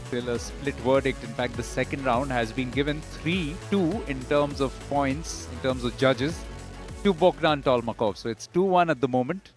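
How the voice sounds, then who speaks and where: Man, boxing commentator, mid-pitched voice, measured and analytical, music behind. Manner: measured, analytical play-by-play with occasional fillers. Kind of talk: live sports commentary.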